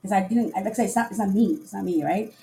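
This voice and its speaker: A woman hosting a casual live podcast, telling a dating story in an animated way, often laughing and acting out what people said. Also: medium pitch, fast, gravelly, faint music behind.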